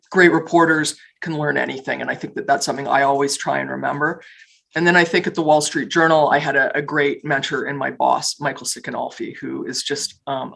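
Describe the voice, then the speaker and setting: A woman on a panel, telling lively stories from her reporting career, with frequent restarts. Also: sits low, gravelly, low-quality recording. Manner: animated storytelling with restarts and laughs. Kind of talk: panel discussion, personal anecdotes.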